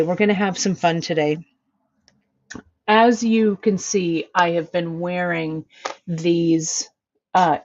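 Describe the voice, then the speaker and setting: A woman's voice: fairly low pitch, a little mellow. A woman hosting a live beading show, chatting casually and fondly with a playful, laughing manner. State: winded from lifting a heavy cat. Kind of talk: casual live-stream chat. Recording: slightly dull lo-fi stream audio.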